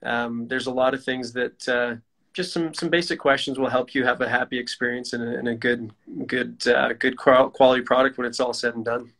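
Brief: male trade expert, crisp bright tone, even delivery, stumbles over words. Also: medium pitch, fairly quick. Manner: friendly, stammers and restarts. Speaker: guest glass expert. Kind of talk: casual interview chat.

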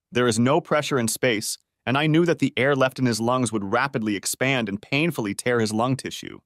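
A man's voice: mid-range voice, dry recording. A man narrating a first-person story in a scripted audiobook reading on a close mic.

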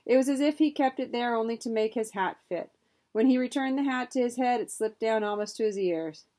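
A woman narrating a children's adventure novel in a steady, expressive reading style. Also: fairly high pitch, a little fast. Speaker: audiobook narrator. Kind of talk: storybook narration.

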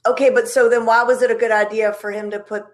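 A woman's voice: on the high side, level tone, quick pace. A woman hosting a live video chat, talking in an upbeat, chatty way. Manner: upbeat, chatty, uses fillers. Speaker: host. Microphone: video call.

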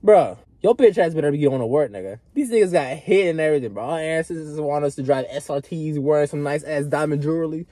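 A young man vlogging an unscripted, profane rant to camera, swinging between loud outbursts and low mutters. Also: quick pace, hardly any pauses, no room sound.

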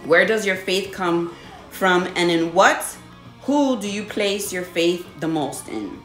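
Animated woman telling a spiritual story. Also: slow. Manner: animated storytelling, laughs often, acts out her own reactions in a high voice. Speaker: body contouring business owner. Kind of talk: casual spiritual vlog talk. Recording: echoey room with faint music.

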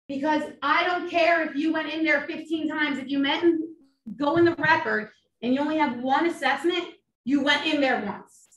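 A middle-aged woman trial attorney teaching a seminar to nurses, animated and full of rhetorical questions. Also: sits high. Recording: echoey room, distant mic, faint ambience.

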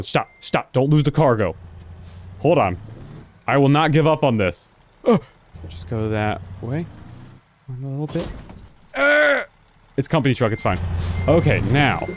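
Animated young man narrating his gameplay. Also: medium pitch, a little hiss or hum. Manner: animated, talks to other drivers, frequent exclamations and swearing. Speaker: gaming video host. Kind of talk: casual gameplay commentary.

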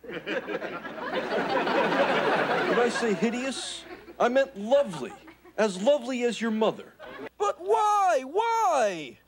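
A man's voice: very high-pitched, expressive, normal speed, a crowd in the background. A man voicing a sarcastic, wisecracking furry male alien in a 1980s sitcom. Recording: hissy old TV tape with laugh track.

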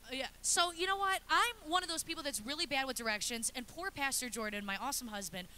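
A woman in her thirties preaching a lively, chatty sermon in a church, acting out little scenes as she goes. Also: high-pitched, fast talker, a little hiss or hum. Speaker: pastor's wife preaching. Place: church sanctuary.

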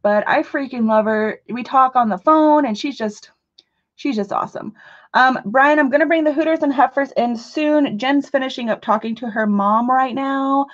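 A woman's voice: high-pitched, normal speed. A woman hosting a live crafting talk show, chatting casually and goofing around with her viewers. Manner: chatty, goofy, rambling, jokes with chat. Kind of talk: casual live-stream chat. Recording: dull lo-fi stream audio.

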